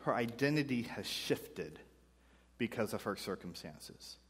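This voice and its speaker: A man preaching a sermon in a church, reading scripture with joking asides and swinging from loud bursts to hushed lines. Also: fairly low pitch, lively intonation, unhurried, breathy edge. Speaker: pastor. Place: church sanctuary. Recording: church hall reverb.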